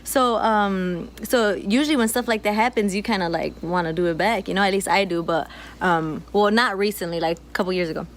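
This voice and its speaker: A woman's voice: mid-range voice, fast talker. A woman co-hosting a casual chat, telling stories with lots of laughs and fillers. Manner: chatty storyteller, laughs often. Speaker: co-host. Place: outdoors.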